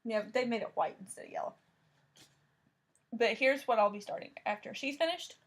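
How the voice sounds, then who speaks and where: Relaxed woman chatting about her crafts. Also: a little high, moderate pace. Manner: relaxed, thinking aloud with small restarts. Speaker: crafting vlogger. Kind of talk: casual show-and-tell chat.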